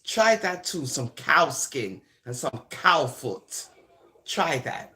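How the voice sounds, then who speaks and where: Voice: medium pitch, very animated, pushed and bright. A speaker from Jamaica, delivering a teasing, taunting comic monologue and drawing words out. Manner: teasing, sing-song, drawn-out words.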